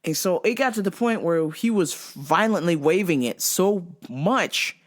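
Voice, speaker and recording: A woman hosting a show, telling a comic story in a profane, animated way and laughing often. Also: fairly low pitch, measured pace. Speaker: host.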